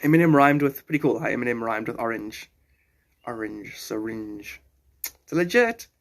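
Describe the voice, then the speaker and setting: A man's voice: mid-range voice, animated, fast. A man in his forties with a South African accent, chatting casually and playfully with viewers on a live stream. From born in Zimbabwe, raised in South Africa. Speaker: livestreamer.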